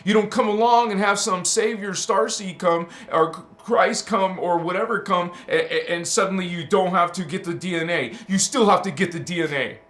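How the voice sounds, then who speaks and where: A man with a notably high voice hosts a casual spiritual livestream from an indoor room, chatty and emphatic. He calls his listeners honey and baby, laughs often and reads their chat aloud. The sound is roomy, with a clear echo around him. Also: normal speed, hardly any pauses, fairly bright tone.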